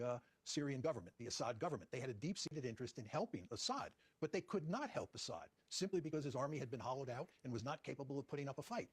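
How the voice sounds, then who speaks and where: A man with a husky voice answers as an interview guest at a brisk clip. He speaks deliberately and repeats his key points. The sound is dry and close. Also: mid-range voice, no echo. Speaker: guest professor.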